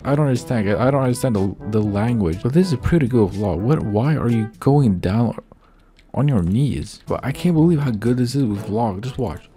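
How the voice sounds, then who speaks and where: A man's voice: mid-range voice, animated, moderate pace, mellow, faint music behind. A man giving rambling, casual gameplay commentary, full of slang and swearing. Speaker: gaming video creator.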